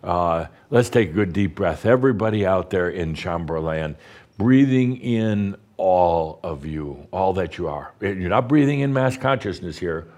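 A man, a spiritual teacher, guiding a group through deep breathing in a playful, teasing way with slow, emphatic phrasing. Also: lively intonation, darkish tone. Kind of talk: guided breathing talk to an audience.

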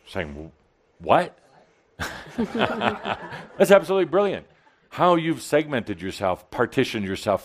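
A man speaking to a live audience in a channeled spiritual talk, playful and teasing, with dramatic pauses and swings between loud and soft delivery. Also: fairly low pitch.

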